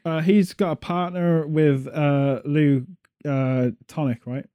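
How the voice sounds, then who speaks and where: A man's voice: a little high, fairly even intonation, takes it slowly, dark tone, clear, resonant tone. A British man hosting a podcast, chatting casually and joking as he wanders off on tangents. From Britain. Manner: rambling, jokey, goes off on tangents. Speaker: podcast host. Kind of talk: casual chat.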